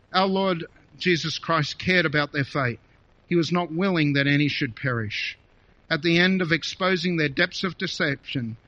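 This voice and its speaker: A man preaching a sermon, reading scripture aloud with feeling and expressive emphasis. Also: a little high, dry recording. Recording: dull lo-fi recording.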